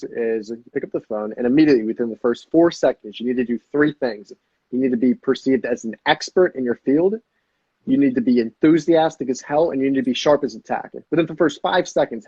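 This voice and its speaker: A man chatting as a podcast guest, energetic and swearing freely, often acting out sales calls. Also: mid-range voice, a little fast, breathy edge, dry recording, lo-fi sound. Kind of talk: casual podcast chat.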